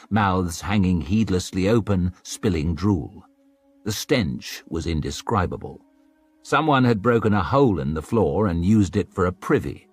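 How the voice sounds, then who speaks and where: Slow, husky male audiobook narrator. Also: on the low side, no room sound. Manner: slow, dramatic storytelling.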